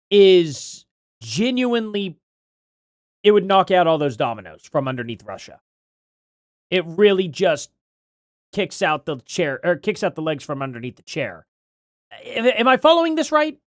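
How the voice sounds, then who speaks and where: A male streamer talks off the cuff, musing aloud and second-guessing himself as he reacts. His pitch leaps around animatedly, and the sound is dry and close with no room to it. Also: big pitch swings, measured pace, pauses often, no room sound. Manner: rambling, thinking aloud, self-questioning. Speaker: streamer host. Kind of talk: casual live-stream commentary.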